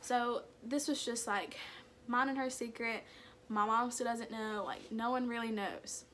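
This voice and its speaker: A woman's voice: on the high side, steady tone, measured pace, slight background noise. A young woman vlogging a candid personal story in casual speech, full of "like" and "kinda" fillers. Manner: candid, soft-spoken about hard memories.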